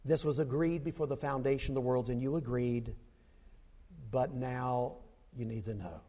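A preacher voicing a solemn heavenly father who speaks low and hushed, slow and grave. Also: steady tone, big-room sound, lightly acted.

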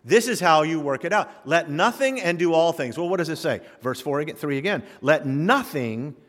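A man's voice: on the high side, expressive, moderate pace. Preaching man in a reverberant church. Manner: emphatic preaching with sudden loud rises and quiet drops; reads scripture aloud and comments line by line. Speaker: pastor. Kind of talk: sermon. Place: church sanctuary. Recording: long hall reverb.

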